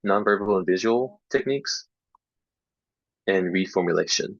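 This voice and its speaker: Relaxed male teacher trainer, gravelly and low, chatty with fillers, muffled dry lo-fi sound. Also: moderate pace, no room sound. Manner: relaxed, filler-heavy, demonstrates errors by repeating them. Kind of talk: casual online teaching talk. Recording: dull lo-fi dry online recording.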